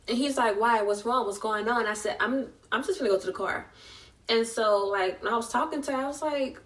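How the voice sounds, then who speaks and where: A woman's voice: on the high side, moderate pace, fairly bright tone, distant mic. A young woman, telling an emotional personal story in a vlog and acting out the voices of the people in it. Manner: chatty, emotional retelling with voiced quotes. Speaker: vlogger.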